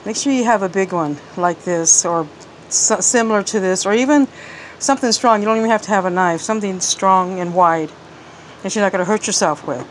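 A woman's voice: medium pitch, brisk, noisy background. A woman showing her kitchen projects in a chatty home vlog, filming one-handed on her phone and a little out of breath. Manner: chatty, talks while working one-handed. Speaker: cooking vlogger. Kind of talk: casual kitchen demonstration. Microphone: handheld phone.

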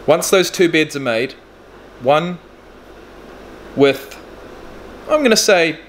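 Here a man of about thirty vlogs from his furnished flat, cursing without restraint as he talks with blunt candor in a loose video diary. The voice sits on the high side, and there's a little background noise.

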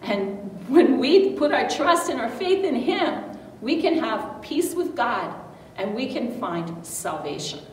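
A woman's voice: on the high side, very animated, takes it slowly. A woman giving an emphatic children's Bible lesson in an echoey hall. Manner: bright, emphatic teaching to children. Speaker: children's church teacher. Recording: echoey hall, distant mic, faint noise.

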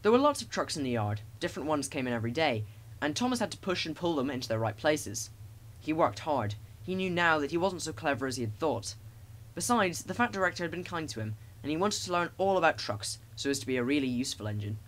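A man's voice: on the high side, big pitch swings, fast talker, fairly bright tone. Man narrating a children's storybook. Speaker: audiobook narrator.

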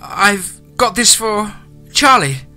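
A man voicing a frightened young woman in a horror story, pleading in a high voice near tears. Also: a little fast, sharp tone, soft background music. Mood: tearful.

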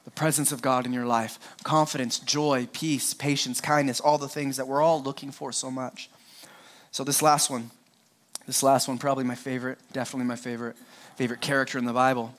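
A man's voice: mid-range voice, level tone, brisk, fairly bright tone. A middle-aged pastor preaching an Easter sermon to his congregation, joking and speaking to them directly. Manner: playful, joking asides, talks straight to the congregation.

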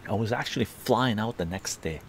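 A man's voice: fairly low pitch, brisk, creaky, a little hiss or hum. A middle-aged man from Canada casually telling a rambling story on a live stream, tagging his sentences with "right?".

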